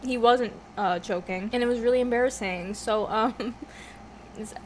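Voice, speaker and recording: Eating on camera at home, a young woman with a slightly high voice talks at a measured pace in a casual mukbang. She drifts off topic, curses frequently, and laughs plenty, with slight background noise present.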